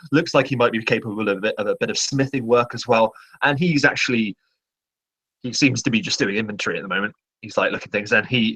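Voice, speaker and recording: A man's voice: mid-range voice, fairly bright tone. A man narrating scenes as game master, describing things with many fillers.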